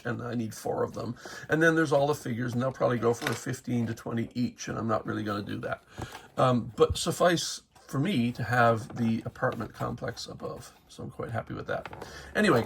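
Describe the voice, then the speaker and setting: A man's voice: medium pitch, creaky, a little hiss or hum. A man casually showing toys from his collection, rambling with many fillers and restarts and correcting himself as he goes. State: hiccuping. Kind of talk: casual unscripted show-and-tell.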